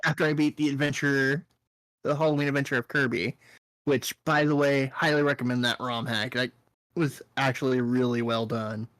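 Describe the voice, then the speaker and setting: A man co-hosting a casual podcast chat, rambling and joking, now and then slipping into high silly voices. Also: steady tone, normal speed, a bit bright. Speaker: podcast co-host.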